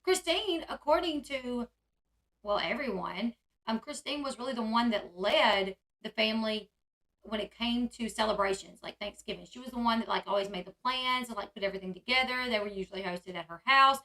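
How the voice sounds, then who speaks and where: A woman's voice: fairly high pitch, fairly quick, pushed and bright. A woman vlogger giving casual, chatty commentary, full of "like" and "um" fillers. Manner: chatty, filler-heavy with frequent "like" and "um". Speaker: vlogger reacting to a reality show.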